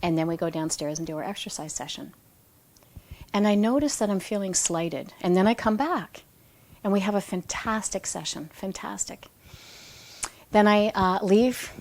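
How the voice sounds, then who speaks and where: A woman's voice: on the low side, normal speed, a little mellow. A woman reading aloud from her own book, breaking off into conversational personal anecdotes and correcting herself as she goes. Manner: self-correcting, restarts phrases. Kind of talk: book reading with spontaneous asides.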